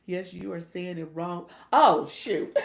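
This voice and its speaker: A woman's voice: fairly low pitch, vocal fry, roomy sound. A woman coaching new livestreamers in a casual chat, laughing often and thanking viewers as she reads their comments.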